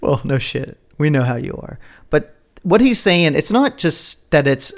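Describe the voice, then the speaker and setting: A man's voice: fairly high pitch, big pitch swings. Rambling, profane man chatting. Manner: rambling, profane, quick to laugh. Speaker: podcast co-host. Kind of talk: casual political chat.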